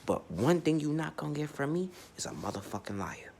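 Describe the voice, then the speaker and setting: A man's voice: a little high, sing-song, a little fast, vocal fry, a little mellow, slight background noise. A man giving a blunt, profane, unscripted astrology monologue, speaking emphatically and often restarting his sentences. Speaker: astrology vlogger.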